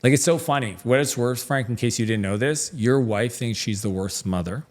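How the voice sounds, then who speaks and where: A man's voice: mid-range voice, normal speed, darkish tone. A middle-aged man speaking as a guest in a casual interview, telling stories in a chatty way with lots of fillers and acted-out dialogue. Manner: chatty storytelling, many fillers, acts out quoted dialogue.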